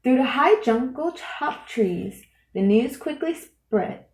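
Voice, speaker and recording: A woman reading a rhyming children's book aloud in a lively, sing-song way. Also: mid-range voice, measured pace. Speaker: storyteller. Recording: roomy echo.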